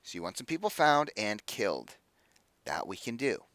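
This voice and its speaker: A cold, professional female assassin boss talks low and unhurried, with clipped, tired patience, as a man puts her on. The voice is bright in tone. The sound is dry and close. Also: big pitch swings, dry recording. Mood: weary. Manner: low, measured, quietly firm.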